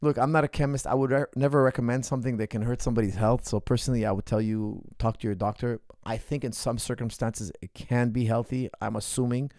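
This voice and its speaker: A man's voice: mid-range voice, steady tone, quick pace, few pauses, a little mellow, dry recording, clean studio sound. A man in his forties, a coach, talking casually to a live stream audience and repeating his points for emphasis. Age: 40s. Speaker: coach answering viewer questions.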